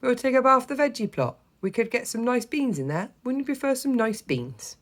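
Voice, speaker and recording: A woman voicing a cheerful, teasing elderly grandfather in a storybook reading, with a jovial, gruff manner. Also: a little high, expressive, moderate pace, pitched above the performer's own voice.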